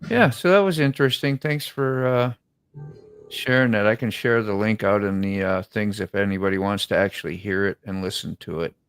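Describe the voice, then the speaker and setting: Gravelly low-voiced laid-back man. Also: moderate pace, no echo, faint music behind, rough recording. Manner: laid-back, fills talk with "you know" and "man". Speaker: show host. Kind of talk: casual chat.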